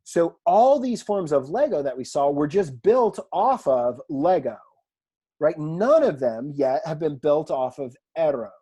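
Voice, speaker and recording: A man teaching a recorded online language lesson in a relaxed, chatty way, with fillers and asides, from a room at home. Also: fairly high pitch, unhurried, slightly rough. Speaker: Greek teacher.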